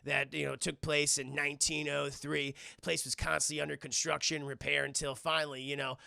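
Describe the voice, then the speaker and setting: A cocky teenage vampire gang leader drawls his taunts in a smug, teasing way, as a man puts him on. The voice sits high and gravelly. The sound is close and dry. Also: little pitch movement, fairly quick, sharp tone, no echo, full character voice. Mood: storytelling.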